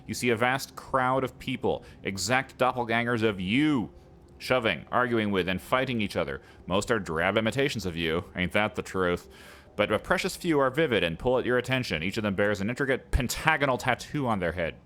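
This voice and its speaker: A man's voice: fairly low pitch, expressive, fairly quick, fairly bright tone, slight background noise. A man hosting a let's play, reading the game's text aloud and breaking off for playful, chatty asides to his viewers.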